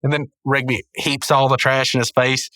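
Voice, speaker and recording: A man's voice: medium pitch, level tone, normal speed, pushed and bright, no echo. A man hosting a podcast, casually recapping a cartoon in a rambling, self-correcting way with chuckles, on a close mic. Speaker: podcast host.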